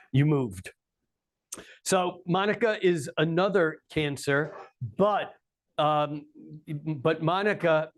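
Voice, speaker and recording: Wry male astrologer, slightly high voice. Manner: wry, joking asides. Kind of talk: live talk to an audience. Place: coffeehouse with a live audience.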